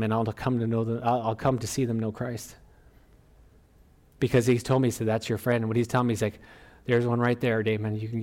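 Preaching a sermon at the front of a church, a middle-aged male pastor gets animated, pushing his voice higher and louder on emphatic lines and often exclaiming. He eases back to a softer, conversational tone between those peaks.

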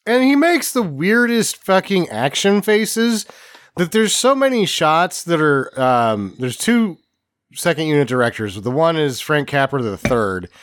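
Wry man with a lively voice. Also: a little high, measured pace. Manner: wry, sarcastic commentary. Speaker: podcast co-host. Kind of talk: casual comedic movie discussion.

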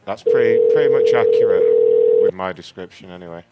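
A man's voice: low voice, a little fast, over loud music, poor audio. A man in casual podcast chat, speaking in a modest, dry, offhand way. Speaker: podcast co-host.

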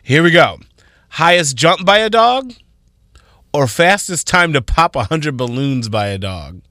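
A man co-hosting a morning radio show, reading out record trivia with quick casual asides in the studio. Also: on the high side, sing-song, pushed and bright, no room sound. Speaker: radio co-host. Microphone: studio microphone.

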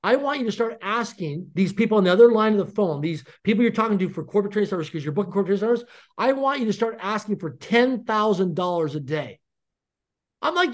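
A man's voice: high-pitched, fast. A middle-aged man, a podcast guest, telling a story with lots of energy and acting out the dialogue in it. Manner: animated, acts out quoted dialogue.

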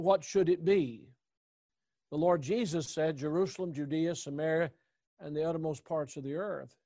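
A man teaching as a pastor, earnest and deliberate, repeating key points for his listeners. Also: on the high side, darkish tone, no echo. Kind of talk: sermon-style teaching.

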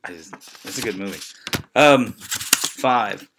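A man's voice: on the low side, takes it slowly, sharp tone, a little hiss or hum. A man from Indiana co-hosting a podcast, rambling casually with friends. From Indiana, USA. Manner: rambling, restarts often. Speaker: podcast co-host. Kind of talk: casual chat among friends.

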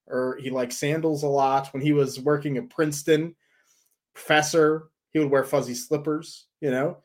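A man in a casual podcast chat, talking at a middle pitch. He rambles loosely through his stories and tips, with frequent "um"s and restarts. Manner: loose, rambling storytelling with fillers. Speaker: podcast co-host.

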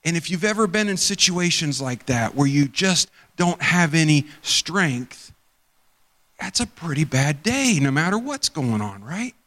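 Here a pastor speaks a little slowly, his fairly high, slightly bright voice swinging widely in pitch. He preaches in a loose, chatty way, acting out figures from his stories, and the sanctuary's long reverb surrounds him.

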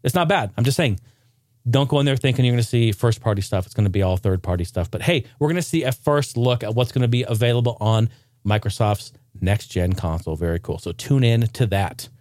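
A young man hosting a casual gaming news podcast, rambling and joking, sometimes breaking into loud shouted bits. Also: mid-range voice, animated, fairly quick, dry recording, studio quality. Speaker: podcast host.

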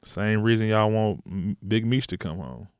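A man's voice: lowish voice, moderate pace, a little mellow, smooth, no room sound, studio quality. A man co-hosting a dinner podcast in casual chat, laid-back and teasing, talking in slang. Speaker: podcast co-host.

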